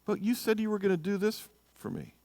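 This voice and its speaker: Guy doing a hurt young wife voice, high and quiet, begging her husband. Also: big pitch swings, a little fast. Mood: pleading. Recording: echoey church hall.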